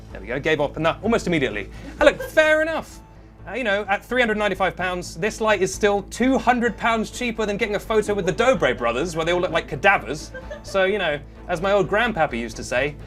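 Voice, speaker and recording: A man hosting a comic news show, delivering sarcastic, deadpan jokes. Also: sits high, moderate pace, faint music behind. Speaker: host.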